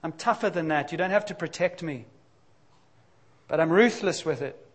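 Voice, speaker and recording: A man's voice: fairly high pitch, normal speed. A middle-aged man preaching a sermon in a candid, confessional, conversational way, with sudden emphatic bursts. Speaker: pastor.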